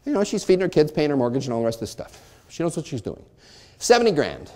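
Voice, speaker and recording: Lively man giving a seminar talk. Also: on the high side, fast. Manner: asks and answers his own questions, voicing both sides. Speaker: real estate brokerage presenter.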